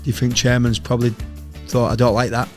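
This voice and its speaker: A middle-aged man from England, a former footballer and podcast guest, telling sweary, animated anecdotes in casual chat. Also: medium pitch, fairly quick, soft background music. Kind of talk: casual storytelling.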